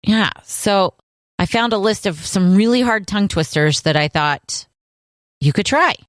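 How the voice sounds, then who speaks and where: A woman's voice: medium pitch, animated, measured pace, no room sound, clean studio sound. A woman co-hosting a podcast, teasing her partner and leading the segment in casual chat. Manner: teasing, upbeat, leads the segment. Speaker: podcast co-host.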